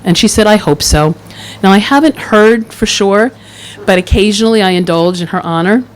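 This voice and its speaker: A middle-aged woman from the Philadelphia area telling a personal story live on stage, wry and warm with laughing asides. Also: mid-range voice, brisk, rough recording. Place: event stage in front of an audience.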